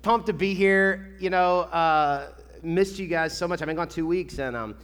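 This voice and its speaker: A fairly high-voiced, upbeat male pastor from Kentucky gives church announcements before a sermon, speaking at normal speed in a smooth, loose, excitable way. His chatty, enthusiastic voice rings through the big, reverberant hall of the church sanctuary.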